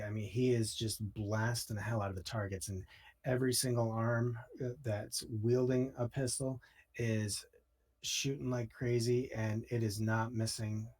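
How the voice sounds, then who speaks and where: A man narrating as game master for a tabletop game, relaxed and full of fillers. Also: mid-range voice.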